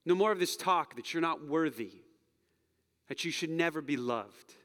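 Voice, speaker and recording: Lively high-voiced pastor, bright tone, talking casual like, echo of a big church hall. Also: male voice, normal speed. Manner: animated, conversational, acts out quotes, drops to soft near-whisper. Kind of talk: sermon.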